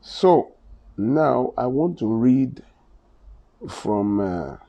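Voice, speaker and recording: A man's voice: mid-range voice, lively intonation, very slow, dark tone. A man with a Nigerian accent teaching in sermon style, reading scripture aloud and pressing his points with rising, impassioned emphasis. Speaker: Bible teacher. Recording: dull lo-fi recording.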